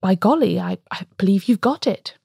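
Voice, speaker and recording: A woman's voice: medium pitch, expressive, moderate pace, vocal fry, mellow, slightly rough, dry recording, studio quality, full character voice. A woman reading a story aloud, voicing a blunt, peevish male doctor in a plain tone. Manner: brusque, sulky.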